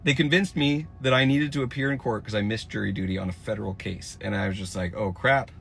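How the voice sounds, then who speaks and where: A man's voice: lowish voice, fairly even intonation, fast talker, gravelly, fairly bright tone, slight background noise. Rattled man, breathless and rambling. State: shaking, rattled. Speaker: dentist. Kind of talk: shaken first-person account to camera. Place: outside a gas station.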